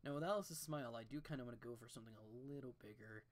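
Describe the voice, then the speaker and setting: This art streamer has a voice of middling pitch and talks into a desk mic while drawing at home. They wander off into long, profane rants, backtracking and restarting sentences as the thoughts come. The delivery is loose and conversational. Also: quick pace. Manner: rambling, profane, ranting with restarts. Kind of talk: casual rambling commentary while drawing.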